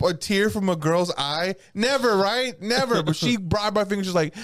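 A man's voice: high voice, moderate pace, few pauses. A man in casual chat with friends, telling crude stories with lots of swearing and laughter. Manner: crude, profane, laughing storyteller; lively, animated delivery.

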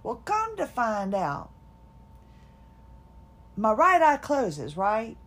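A fatigued woman telling a personal story on her podcast, her voice sitting a little high. She talks casually, laughs often and quotes people in their own voices. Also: extremely slow. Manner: chatty, laughing, animated retelling with quoted voices. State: fatigued, hard time talking. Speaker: podcast host.

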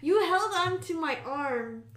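A young woman in casual chat, teasing and quick with retorts. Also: sits high, lively intonation, fairly bright tone, roomy sound.

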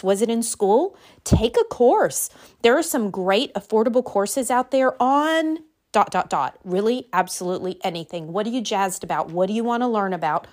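Emphatic woman giving a motivational talk. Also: mid-range voice. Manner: emphatic and direct, lists numbered takeaways; repeats phrases for emphasis. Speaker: women's life coach.

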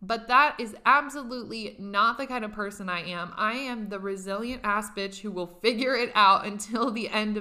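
A woman's voice: mid-range voice, pushed and bright. A young woman telling a personal story in a candid, profane, casual way, often laughing.

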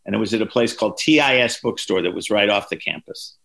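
A man in his sixties tells story after story as a podcast guest, his voice lowish but bright and forceful. He acts out the people in his anecdotes, jumping up in pitch for their lines. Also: fast, gravelly. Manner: lively anecdotes, voices quoted people with big pitch jumps. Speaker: author and guest.

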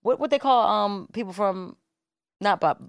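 A woman's voice: medium pitch, moderate pace, vocal fry, no echo, lo-fi sound. A woman co-hosting a podcast, chatting candidly and casually in a studio. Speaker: podcast co-host. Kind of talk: casual chat.

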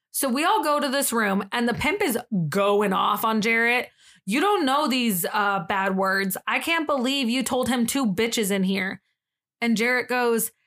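A woman with a fairly high voice co-hosts a podcast and retells a wild story in loose, casual chat. She swears freely and laughs between lines. When she quotes people, her voice jumps up sharply. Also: a bit bright. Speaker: podcast co-host.

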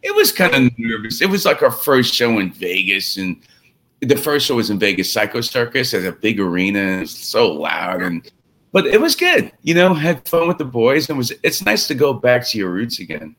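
A man's voice: medium pitch, moderate pace. A middle-aged man, a rock drummer telling stories in a casual interview and acting out the quoted lines. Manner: animated, acts out quotes in stories.

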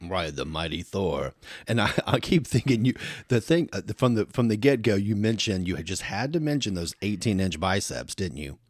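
A man's voice: on the low side, expressive, a little fast, few pauses, no echo, clean studio sound. A man hosting a podcast in a chatty way, laughing easily as he talks with his guest. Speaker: podcast host. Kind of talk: casual podcast interview.

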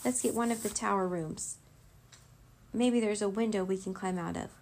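A woman voicing a brave, outspoken young girl in a children's storybook, loud and urgent. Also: medium pitch, moderate pace, close to an everyday voice. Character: bold outspoken girl hero, brave and fiery.

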